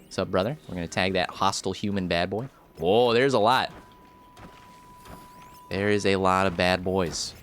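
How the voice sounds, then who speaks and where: A man's voice: low voice, moderate pace, pauses often, a bit bright. A young man livestreaming a video game, giving casual, jokey commentary with big exclamations.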